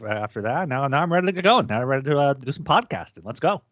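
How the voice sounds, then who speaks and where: A man's voice: medium pitch, sing-song, quick pace, a bit bright, dry recording. Rambling guy on a podcast, voice bounces all over, lots of uhs, dull audio. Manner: rambling, giggly, filler-heavy. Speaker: podcast co-host. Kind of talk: casual podcast banter.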